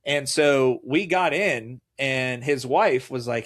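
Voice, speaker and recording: A middle-aged man, a guest on a faith talk show, telling personal stories with lively acted-out dialogue. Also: mid-range voice, measured pace. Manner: animated storyteller, acts out quoted dialogue. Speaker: guest, mayoral candidate. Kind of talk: casual faith conversation.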